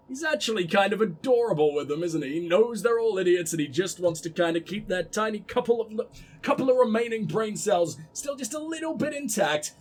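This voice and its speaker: A Cockney man talks through a video game in a let's play, swearing freely and dryly. His voice sits high and has a husky edge. He reacts with wry asides to what he reads. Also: lively intonation, a little fast. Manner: profane, wry commentary. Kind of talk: game commentary.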